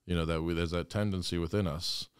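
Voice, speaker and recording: A man's voice: deep voice, fairly even intonation, fast, clear, resonant tone, no room sound, studio quality. A man, a priest, talking earnestly and with passion in an interview. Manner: earnest, impassioned storytelling. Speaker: guest priest. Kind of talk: conversational interview.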